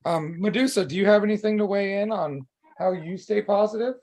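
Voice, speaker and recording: A man with a high, husky voice and a gravelly edge, speaking candidly as a podcast co-host. He talks openly about his feelings, swearing freely and stringing thoughts together with plenty of "um" and "like.". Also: fairly quick, a little mellow. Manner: open and emotional, swears freely, many fillers. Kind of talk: candid casual chat.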